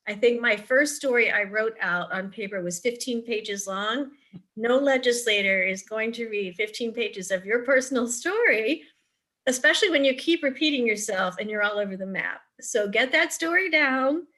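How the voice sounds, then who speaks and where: Bright-voiced woman telling a story. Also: a little high, moderate pace. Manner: chatty storyteller, frequent ums and restarts. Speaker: parent advocate and presenter. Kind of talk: virtual forum talk, advice with anecdotes. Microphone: video call.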